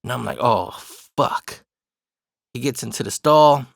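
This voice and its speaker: A man in the middle of a casual personal story, cursing freely and laughing along as he goes. His voice sits at an ordinary middle pitch. The sound is close and dry, with no room around it. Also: fast, gravelly, no room sound. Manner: profane, laughs through the story.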